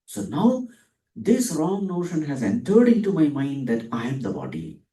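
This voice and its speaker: A man gives a spiritual discourse, putting questions to his listeners and answering them himself. His fairly high voice rises and falls a lot, and it stays mellow and soft. He is recorded from a distance in an echoey room. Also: huge pitch swings. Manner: dwells on Sanskrit terms, drawn out slowly. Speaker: spiritual teacher. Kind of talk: Vedanta discourse.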